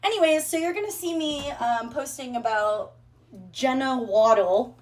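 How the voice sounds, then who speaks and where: A woman's voice: sits high, unhurried. Brash, profane woman vlogger. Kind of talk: casual storytelling rant.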